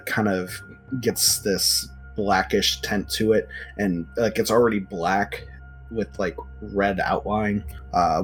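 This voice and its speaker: A man running a tabletop role-playing game, narrating the action in a casual, halting way. His voice sits low. Faint music plays behind him. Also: fairly bright tone, low-quality recording. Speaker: game master.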